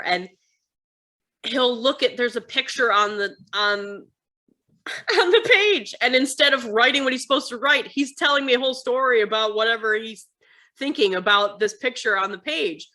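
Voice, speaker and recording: A woman from the United States, a guest in a casual interview, telling stories in an animated way and acting out the voices of others. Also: a little high, normal speed. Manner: animated storytelling, acts out her sons' voices. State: tired.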